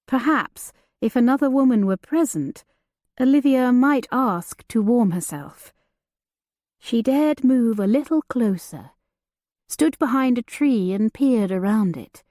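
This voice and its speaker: A woman reading an audiobook as narrator, in a measured, deliberate storytelling manner. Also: a little high, animated, mellow, no room sound, studio quality. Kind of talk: scripted narration.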